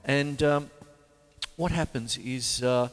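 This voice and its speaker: A man hosting a live drum lesson, jokey and excitable with puns. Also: medium pitch, slow, long reverb tail, faint music behind. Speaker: drum teacher and show host. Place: drum studio.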